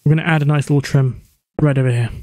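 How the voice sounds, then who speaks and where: A man's voice: mid-range voice, steady tone, darkish tone, dry recording. A man hosting his own gaming channel, chatting through his play with jokes and sudden exclamations. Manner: chatty self-narration, joking, quick exclamations. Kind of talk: let's play commentary.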